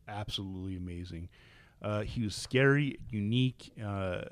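A man in casual chat, telling long stories with plenty of restarts and fillers, and getting animated when something excites him. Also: fairly low pitch, moderate pace, dry recording. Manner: rambling, with frequent restarts and fillers; enthusiastic, animated storytelling.

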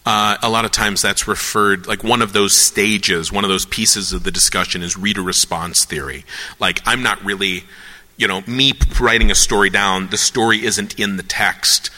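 A man in a casual philosophical chat, rambling and animated, acting out the people he quotes. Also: fairly low pitch. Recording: long hall reverb.

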